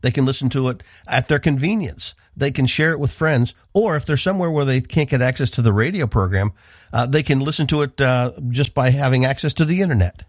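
A radio Bible teacher from the northeastern United States gives an earnest, emphatic devotional talk into a studio microphone. His mid-range voice moves fairly quickly, with no room sound.

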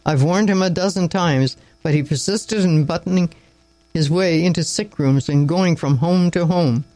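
A man's voice: on the high side, normal speed, no echo, natural voice, rough recording. A man reading a story aloud and voicing a weary young country doctor who speaks curtly and with contempt. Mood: angry. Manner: curt, contemptuous, sharp.

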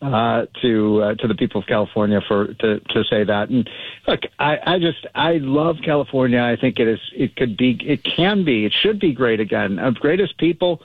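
A man speaking as a guest on talk radio, animated and rambling, with frequent restarts. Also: mid-range voice, moderate pace, slightly rough, no room sound. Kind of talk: talk radio interview by phone. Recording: tinny dry phone line.

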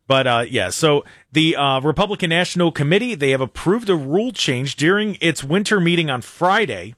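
A man's voice: a little high, brisk, no echo, studio quality. A man hosting a casual political talk radio show, chatting animatedly and often restarting his sentences. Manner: animated, talks in restarts and repeats.

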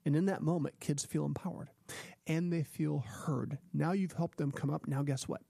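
Podcast host, male, gravelly and husky, earnest coaching delivery, dry close sound. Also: a little high, normal speed, no echo. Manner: earnest, coaching, acts out calm parent lines. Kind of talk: parenting advice talk.

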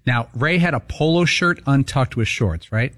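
A man co-hosts a talk radio show, raising points in a matter-of-fact tone. His pitch moves a lot. The studio sound is dry. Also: animated, moderate pace, fairly bright tone, no room sound. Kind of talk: casual talk radio discussion.

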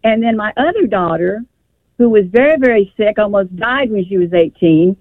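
A woman's voice: mid-range voice, animated, moderate pace, no room sound. An older woman calls in and tells her story in a rambling, emotional way, often stopping to restart her sentences. Her voice comes through a tinny, dry phone line. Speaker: caller. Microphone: telephone.

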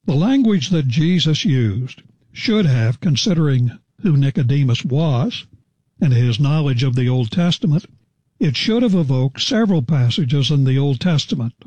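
A man delivers an expository sermon, reading passages and unpacking them in an explanatory, conversational tone. His voice is mellow and warm at a middle pitch. The recording is dry and slightly muffled, with a dull lo-fi sound. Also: expressive, breathy edge, no echo. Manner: measured, explanatory, paraphrasing scripture conversationally. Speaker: preacher. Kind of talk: expository Bible teaching.

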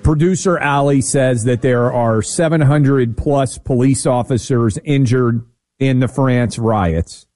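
A man's voice: medium pitch, slow, darkish tone, soft background music. A man co-hosting a talk radio show, giving blunt opinions and joking about himself. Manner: blunt, opinionated, self-mocking. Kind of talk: casual talk radio banter.

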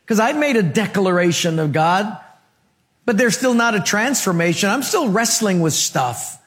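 High-voiced animated male preacher. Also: normal speed. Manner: animated preaching with audience questions. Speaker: pastor. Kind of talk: sermon.

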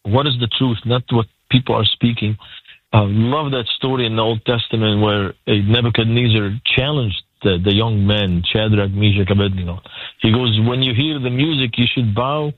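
A man's voice: lowish voice, moderate pace, no room sound. Lebanese man on a tinny phone line. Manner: earnest, preacherly, acts out quotes. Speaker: guest. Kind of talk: radio call-in guest testimony. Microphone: phone call.

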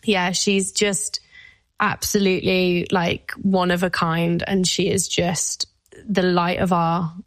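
Candid woman, low and dry. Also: level tone, slow, no echo. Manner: open and emotional, speaking with many "like" fillers. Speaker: guest. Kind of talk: candid personal conversation.

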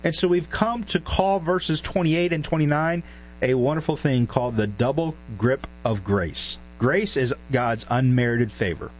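A man's voice: medium pitch, a little slow, a little hiss or hum, rough recording. A man preaching an expository Bible lesson, emphatic and throwing rhetorical questions at the listeners.

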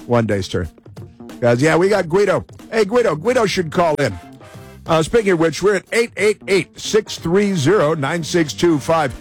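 A man's voice: fairly high pitch, animated, moderate pace, soft background music. A male radio host giving sarcastic, mocking talk radio commentary.

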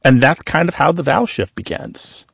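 Animated man explaining on radio. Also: on the high side, moderate pace, gravelly, husky, dry recording, studio quality. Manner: animated, explains patiently with examples. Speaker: radio show co-host, linguist. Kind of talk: explanatory call-in radio chat.

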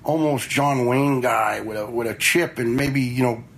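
A man's voice: medium pitch, unhurried, gravelly, fairly bright tone, rough recording. A man in his fifties, a retired fire lieutenant, telling stories in a blunt, conversational way with some swearing. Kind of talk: casual storytelling.

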